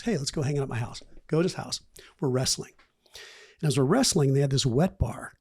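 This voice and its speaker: Husky and mid-range, this fifty-something man's voice carries his candid podcast interview. He rambles through animated stories from his past, quoting people in acted-out voices.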